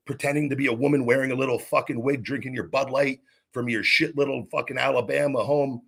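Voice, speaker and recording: A man's voice: medium pitch, a bit bright, breathy edge. A man hosting his own podcast, ranting angrily and profanely with frequent restarts and repeated words. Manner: angry, profane, repetitive restarts. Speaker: podcast host. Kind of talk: ranting monologue.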